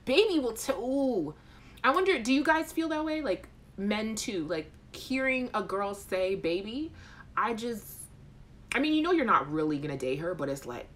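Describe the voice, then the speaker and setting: Animated, lively woman hosting a live chat. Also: on the high side, normal speed. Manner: animated, playful and frank, with laughter. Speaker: host of a live chat show. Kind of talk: casual live-stream chat, reading viewer comments.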